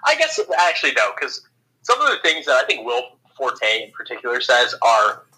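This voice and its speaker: Casting: male co-host with a very bright, sharp tone and lively pitch, halting and casual. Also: rough recording. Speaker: podcast co-host. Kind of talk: casual chat.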